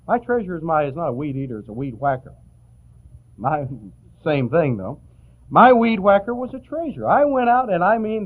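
Folksy preacher on tinny tape. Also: male voice, a little high. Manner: folksy, anecdotal, chuckling asides. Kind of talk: sermon. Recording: tinny, phone-like old tape.

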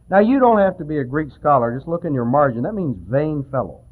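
A man delivers a sermon in a chatty, animated way, his pitch swinging up and down as he acts out little quoted voices. His voice is on the high side for a man. The recording is thin and tinny, like an old tape heard over a phone line. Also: moderate pace. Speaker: preacher.

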